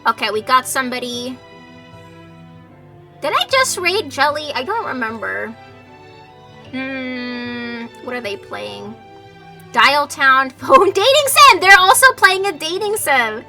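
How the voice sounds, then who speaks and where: A woman streamer chatting live over a game, animated and exasperated, swearing freely, at a desk mic with faint music behind. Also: high voice, slow, long pauses. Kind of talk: casual livestream chat over a game.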